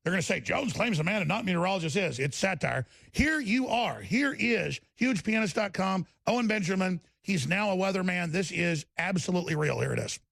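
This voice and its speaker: A man hosting a political talk show, talking forcefully and emphatically. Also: high voice, expressive, fairly quick, creaky, hardly any pauses.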